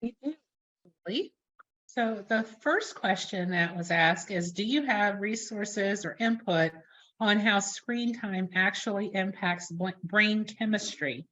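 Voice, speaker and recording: A woman's voice: medium pitch, slow pace, fairly bright tone. Woman, co-host, reads questions plainly, dull lo-fi call audio. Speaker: co-host reading audience questions.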